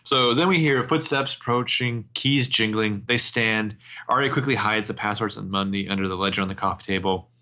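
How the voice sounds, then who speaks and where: A man's voice: lowish voice, fairly quick, few pauses, bright, forceful tone. A man co-hosting a podcast in casual chat, playful and a bit hesitant. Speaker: podcast co-host.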